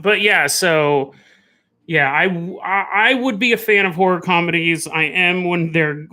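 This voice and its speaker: A man hosting a casual live stream, rambling and animated, laughing often as he chats. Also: on the high side. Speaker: podcast host.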